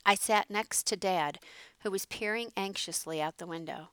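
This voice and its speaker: Smooth, dry-voiced woman reading a story. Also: medium pitch, moderate pace, a bit bright, dry recording. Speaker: narrator. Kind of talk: storybook narration.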